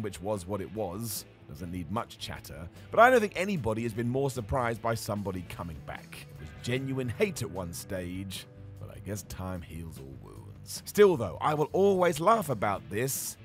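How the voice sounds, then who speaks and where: A male voiceover host reads a countdown script in a voice that is slightly hoarse and worn. His pitch swings widely as he goes, and he drops in quick sarcastic asides. A faint music bed runs underneath. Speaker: host of a wrestling countdown channel.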